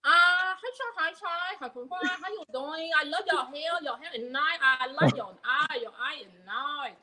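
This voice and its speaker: A woman's voice: high voice, normal speed, a loud crowd, lightly acted, low-quality recording. A woman voicing a chatty, fawning nail-salon worker in a mock Chinese accent, repeating her phrases in a sing-song way.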